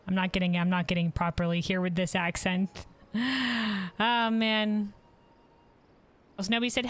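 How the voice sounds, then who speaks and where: Woman streamer chatting while she plays, rambly and self-deprecating, reads chat out loud. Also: lowish voice, steady tone, takes it slowly, pauses often, clean tone. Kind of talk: casual game stream chat.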